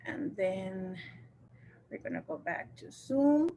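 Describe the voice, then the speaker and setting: A woman's voice: mid-range voice, animated, takes it slowly, warm tone, a little hiss or hum. An older woman, a sales representative, telling a casual story to viewers on a live video, laughing often and acting out what her friends said. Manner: chatty, laughs often, acts out quoted friends.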